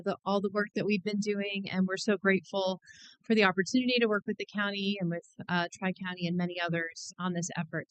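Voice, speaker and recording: A woman with a smooth, clean voice walks a public meeting through a planning update. She sounds friendly and upbeat, with many ums and uhs. The sound is close and dry. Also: lowish voice, no room sound, poor audio. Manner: friendly, upbeat, with frequent fillers. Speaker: planning consultant.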